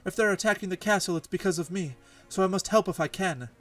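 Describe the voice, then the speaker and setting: A man's voice: high voice, fast, fairly bright tone, recorded from a distance, soft background music, voice pushed up. A man voicing a proud young plainswoman warrior in a game, earnest and urgent.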